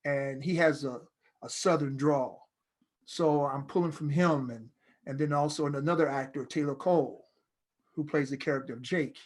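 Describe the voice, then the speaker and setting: Middle-aged male actor as interview guest, slightly high voice, rambling anecdotes told with animation. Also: normal speed. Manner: animated storyteller, loose and rambling. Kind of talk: casual interview conversation.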